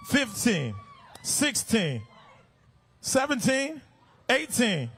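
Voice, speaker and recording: A man working as an event MC, shouting playfully to a crowd of kids and running call-and-response games. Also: high-pitched, animated, slow pace. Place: outdoor stadium fan event.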